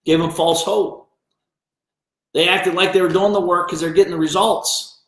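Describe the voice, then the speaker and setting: A man hosts a business coaching livestream and lays into a commenter bluntly, swearing freely and daring him to prove his claims. His voice sits a bit high for a man. The sound carries a clear room echo. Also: fairly even intonation, normal speed, fairly bright tone. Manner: blunt, profane, confrontational. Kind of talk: livestream rant. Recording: roomy echo.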